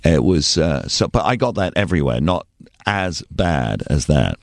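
A man with an English accent, a former radio DJ, telling animated stories in a casual interview. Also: extremely low pitch, moderate pace, no echo, studio quality. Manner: animated, emphatic storyteller. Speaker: radio DJ guest.

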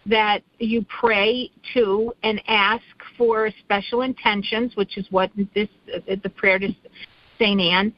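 A middle-aged woman chats on a radio talk show, circling back and restarting as she tells a story. Her voice sits at a middling pitch. The recording is dry and a little muffled. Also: fairly even intonation, slow, dry recording. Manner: rambling storyteller with many restarts. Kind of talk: casual chat.

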